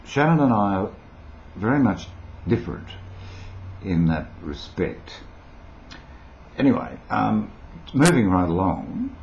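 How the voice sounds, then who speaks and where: A man's voice: fairly low pitch, sing-song, takes it slowly, gravelly, long pauses, lo-fi sound, a little hiss or hum. An older Australian man with an Australian accent, rambling playfully and eccentrically to his webcam at home. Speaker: vlogger. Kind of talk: casual talk to webcam.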